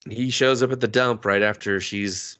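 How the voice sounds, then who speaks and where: A man's voice: on the low side, fairly even intonation, moderate pace, sharp tone. A man hosting a podcast, recapping an anime in sarcastic, profane casual chat. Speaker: podcast host.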